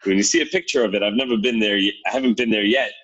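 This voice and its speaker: Man, husky, chatty podcast co-host, casual storytelling. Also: on the low side, fairly even intonation, racing, a bit bright, muffled recording. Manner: chatty, acts out the quotes in his stories.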